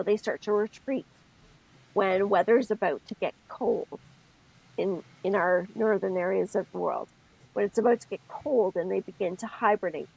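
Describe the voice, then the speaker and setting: Gravelly, husky woman podcast co-host. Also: medium pitch, low-quality recording. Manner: expressive, thinks aloud, self-interrupting. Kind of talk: casual spiritual chat.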